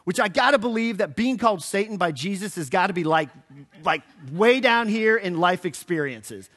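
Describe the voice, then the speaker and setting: The church sermon comes from a male pastor whose high-pitched voice runs a little fast. His delivery is animated and playful: he acts out quotes, keeps things casual, and slips in a joke from time to time.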